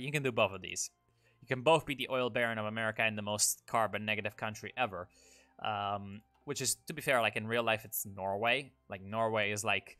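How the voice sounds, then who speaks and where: A young man giving loose, rambling commentary on a strategy game, sarcastic and quick to swear. His voice is bright and forceful, and soft background music runs beneath him. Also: on the low side. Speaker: gaming YouTuber.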